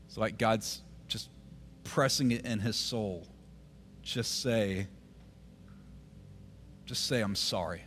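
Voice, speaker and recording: A man, preaching a sermon as the pastor. He tells a story, drops almost to a whisper at tender moments, and grows forceful when he urges the congregation. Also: lowish voice, slow pace, long pauses, a little hiss or hum.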